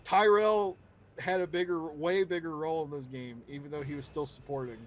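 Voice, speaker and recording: A man co-hosting a casual podcast about a video game, animated, swearing freely and acting out character quotes. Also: on the high side, fairly quick, a little hiss or hum, low-quality recording. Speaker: podcast co-host.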